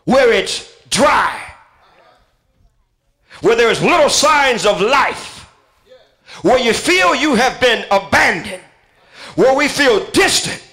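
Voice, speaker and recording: Male pastor, sermon, high voice, bright tense tone, calls out names, shouted build-ups. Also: very animated, slow, pauses often. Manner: calls out listeners by name, builds to shouted repeated phrases.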